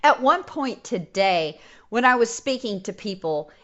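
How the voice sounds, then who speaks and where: A woman with a Texas accent hosts a history podcast in a loose, chatty way. She tells her stories with a lively, animated manner. The audio sounds a little dull and muffled. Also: on the high side, measured pace. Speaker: podcast host. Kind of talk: casual chat.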